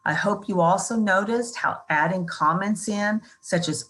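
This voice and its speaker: A woman's voice: medium pitch, unhurried, fairly bright tone, rough recording. A middle-aged woman presenting a recorded parent workshop, explaining teaching strategies with a few fillers. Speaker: workshop presenter, speech therapist. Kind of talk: recorded online workshop talk.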